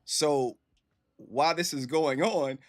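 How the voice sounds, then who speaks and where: A man and gaming streamer telling stories to viewers in a casual, animated, profane way. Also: on the high side, takes it slowly. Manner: animated, profane, acts out quoted voices.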